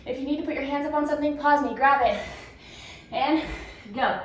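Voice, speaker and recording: Echoey fitness instructor woman, high voice. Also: steady tone, fairly quick. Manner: encouraging cues with counting and laughs. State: out of breath at times. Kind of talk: follow-along workout coaching. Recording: very echoey room, distant mic, faint noise.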